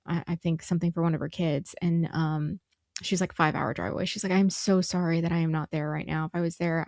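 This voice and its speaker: A middle-aged woman co-hosting a podcast tells an emotional family story conversationally, filling it with quoted dialogue. Her voice is on the low side with a darkish tone. The recording is studio quality with no echo.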